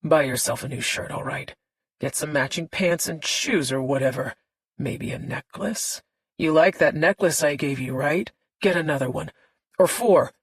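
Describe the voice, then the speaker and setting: Woman narrating as a flip controlling middle-aged man, coaxing, lower husky voice, dry audiobook sound. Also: moderate pace, no echo. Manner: coaxing, dismissive. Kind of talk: audiobook character voice.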